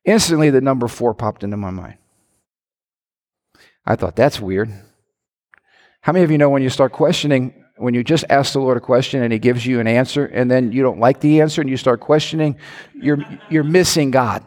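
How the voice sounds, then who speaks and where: A middle-aged man, a pastor, preaching a sermon with animated storytelling and frequent questions to his congregation. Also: a little fast. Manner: animated storytelling with lively pitch swings and direct questions to the congregation.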